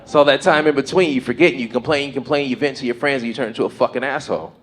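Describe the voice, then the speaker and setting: A man performing a stand-up comedy set on a comedy stage into a handheld mic, talking in loud, punchy bursts and swearing freely. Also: medium pitch, racing, noisy background.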